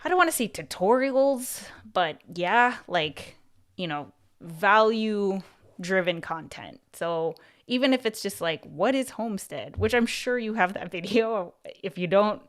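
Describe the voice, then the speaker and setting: Smooth-voiced woman giving casual coaching. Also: mid-range voice, expressive, unhurried. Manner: chatty, heavy on fillers like "like" and "you know"; restarts and repeats words mid-thought. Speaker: YouTube coach and livestream host. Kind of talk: casual livestream advice.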